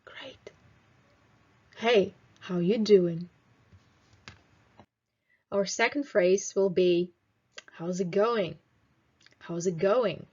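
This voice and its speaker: A young woman teaching English in a video lesson, slowly modelling phrases for students to repeat. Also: medium pitch, a little mellow, muffled recording. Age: 20s. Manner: slow, clear teaching delivery with drilled example phrases.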